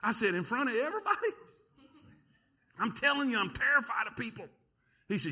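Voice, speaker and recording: A middle-aged pastor tells a folksy story during a sermon in a church sanctuary, speaking animatedly and addressing the congregation directly. His voice is very high-pitched and slightly rough with vocal fry, at normal speed with long pauses.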